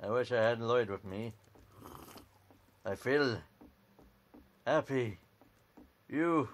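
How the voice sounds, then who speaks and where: Here a medium-pitched man talks slowly through a computer game for a gameplay video, reading the on-screen text aloud at a desk mic. His commentary is offhand and dry, and "alrighty" comes up again and again.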